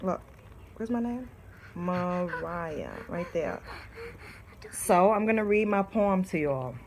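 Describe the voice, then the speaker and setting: A woman's voice: on the low side, lively intonation, slow pace, noisy background. A young woman, chatting on her vlog and reading her own poems aloud in a heartfelt, emotional way, calling her viewers y'all. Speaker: vlogger.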